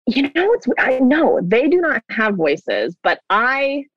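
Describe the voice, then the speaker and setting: A woman's voice: fairly high pitch, very animated, takes it slowly, no room sound. A woman guest talking casually and rambling a little, with plenty of fillers, in an interview. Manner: chatty, rambling, with many fillers. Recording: dull, dry remote recording.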